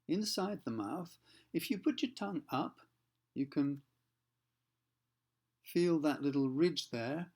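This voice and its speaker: A man teaching pronunciation, explaining patiently, slowing down to demonstrate sounds and often checking in with the listener. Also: on the high side, a little mellow. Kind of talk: explanatory lesson for learners.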